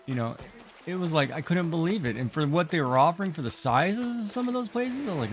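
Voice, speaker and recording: A man's voice: a little high, very animated, brisk, a little hiss or hum. A middle-aged man streaming a game, chatting casually in a rambling, exclamatory way and talking back to the characters on screen. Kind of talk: casual chat while playing.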